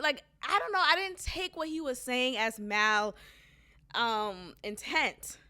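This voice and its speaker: A young woman telling a story on her podcast in a casual, animated way, acting out quotes and laughing often. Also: high-pitched. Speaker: podcast host.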